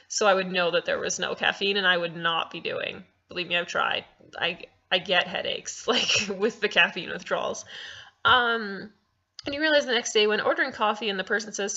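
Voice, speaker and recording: Bubbly giggly young woman, bright voice. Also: mid-range voice, dull audio. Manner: bubbly and giggly, rambling with many ums and restarts. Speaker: cosplay vlogger answering viewer questions. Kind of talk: casual Q&A vlog.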